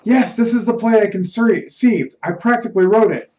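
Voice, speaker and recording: A man's voice: high-pitched, normal speed, darkish tone, pitched above the performer's own voice, lightly acted. A man voicing an agitated young writer. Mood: urgent. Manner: urgent, pleading. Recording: roomy, slightly muffled recording.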